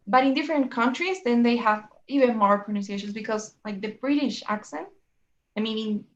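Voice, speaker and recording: A woman's voice: on the high side, brisk, lo-fi sound. A woman teaching a one-on-one English lesson, explaining in a chatty way and often checking with "right?" and "you know?".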